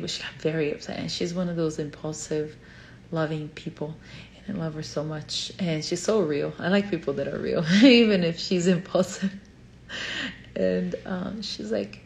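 A woman therapist with a Brazilian Portuguese accent speaks in a lower, husky-edged voice full of vocal fry. She teaches with heartfelt earnestness and repeats key phrases for weight. The sound carries a noticeable room echo. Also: moderate pace, a little mellow, a little hiss or hum. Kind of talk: teaching talk to camera.

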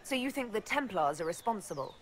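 A game heroine asks direct, probing questions. Her pitch moves in a lively way through each line. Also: brisk. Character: earnest female heroine, the game's protagonist. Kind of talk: video game voice acting.

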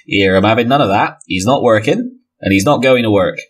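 A surly figure from a tabletop game barks through a shut door and refuses every request, voiced by a man. The voice sits low and husky, and the delivery is curt and dismissive. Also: brisk. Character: surly, stubborn partner guarding a door.

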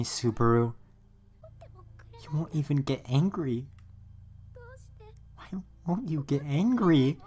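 A woman's voice: low-pitched, a little mellow. A woman voicing a young, lonely half-elf girl in anime dub dialogue, pleading and hurt.

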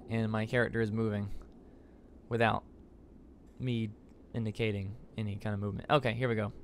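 A man's voice: medium pitch, slight background noise. A young man hosting a let's play, rambling eagerly with many stammered restarts. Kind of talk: casual gameplay commentary.

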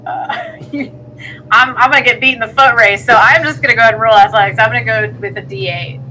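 A woman playing a tabletop game, rambling and laughing as she rushes through her turn. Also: on the high side, sharp tone, a little hiss or hum, poor audio. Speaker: player.

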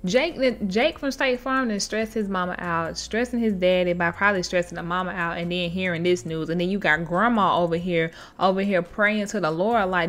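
A woman hosting a show where she reads online stories aloud and reacts to them in an expressive, chatty way, laughing often and talking straight to her listeners. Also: on the low side, moderate pace, few pauses. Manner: chatty, addresses listeners directly. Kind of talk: casual storytelling with commentary.

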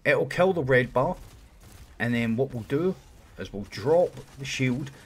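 A man's voice: mid-range voice, expressive, a little slow, husky. A man talking viewers through a game run in a casual, explanatory commentary voice-over. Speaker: video game guide creator.

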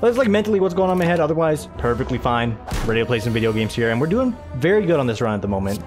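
A young American man chats over his gameplay in a loose, meandering way, jumping from the game to stories about his day. He laughs easily, and his voice sits at an ordinary middle pitch. Quiet game music plays faintly behind him. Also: sing-song, very fast. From United States. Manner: rambling, chatty, laughs often, jumps between game and his day. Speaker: gaming channel host. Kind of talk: casual let's-play chat.

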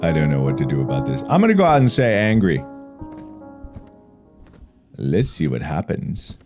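A man's voice: very deep voice, wildly swooping pitch, moderate pace, music in the background. Man with a wildly swinging voice. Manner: teasing and taunting an unseen ghost, sudden yelps. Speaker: game streamer. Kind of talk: playing a horror game alone.

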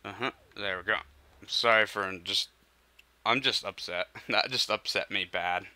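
Young guy doing let's play commentary, pissed off, swearing a lot, sharp bright voice. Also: on the low side, normal speed. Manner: frustrated, swearing, muttering under breath. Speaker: gameplay commentator.

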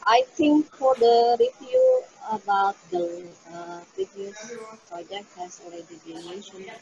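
High, lively woman teacher. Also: a little slow, vocal fry. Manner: lively questioning of the class. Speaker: English teacher. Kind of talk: online class instruction. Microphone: video call. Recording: dull lo-fi call audio.

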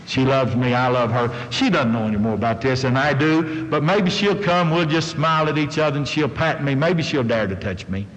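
A preacher voicing a suffering old man who hopes and pleads in a low, hushed voice. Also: moderate pace, hardly any pauses, natural voice. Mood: hopeful, wistful. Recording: long reverb of a hall.

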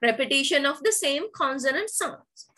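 A woman's voice: high-pitched, animated, moderate pace, sharp tone, low-quality recording. A woman teacher giving an online poetry lesson, explaining terms step by step and repeating key words. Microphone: video call.

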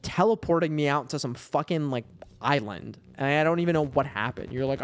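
Slow, creaky, and smooth, his high-leaning voice pauses often as this gamer works through his backlog. The commentary is casual and crude, rambling with fillers as he mocks the characters in exasperation.

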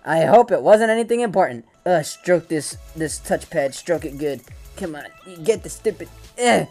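A man hosting a VR fishing game video, excitable and joking, swearing often as he plays. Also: a little high, moderate pace, faint music behind. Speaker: gaming channel host. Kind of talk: VR game commentary. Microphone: VR headset gameplay capture.

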